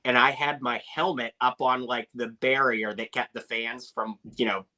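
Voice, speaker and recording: A young man telling animated anecdotes as a podcast guest, with lots of filler words. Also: mid-range voice, moderate pace, rough recording. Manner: animated storyteller, many "like" fillers.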